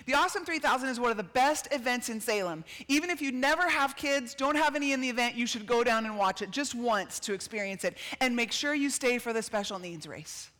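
A middle-aged woman giving an animated storytelling sermon, acting out quotes with laughs and shouts. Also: fairly high pitch, fairly quick, few pauses, big-room sound. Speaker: speaker at a church gathering.

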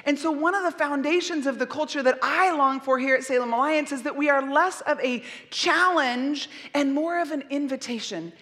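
A middle-aged woman pastor preaching a sermon, gentle and earnest, soothing at times. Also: sits high, moderate pace, hardly any pauses. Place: church. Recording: long reverb of a church hall.

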